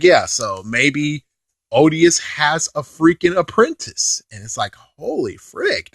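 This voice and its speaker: A man giving a casual, rambling review of a show, excitable, with mild swearing and filler phrases. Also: on the high side, no room sound, studio quality. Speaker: video reviewer.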